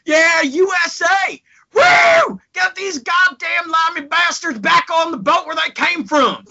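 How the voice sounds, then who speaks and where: A man's voice: very high voice, very animated, slow, gravelly, pushed and bright, shouting, pitched above the performer's own voice, heavily acted. A man putting on a Texan accent to play a rowdy adult wrestling fan who hollers chants and jeers. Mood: rowdy cheering. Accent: put-on Texan. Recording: dull lo-fi podcast audio.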